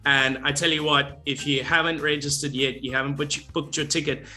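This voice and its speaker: Bright-voiced goofy male co-host. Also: fairly high pitch, fairly quick, soft background music. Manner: goofy, jokey, animated. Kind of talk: playful business show chat. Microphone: video call.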